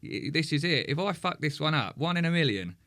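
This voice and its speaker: A man's voice: fairly high pitch, very animated, brisk, fairly bright tone. A man, a podcast guest candidly recounting a hard personal story, swearing often and restarting his sentences.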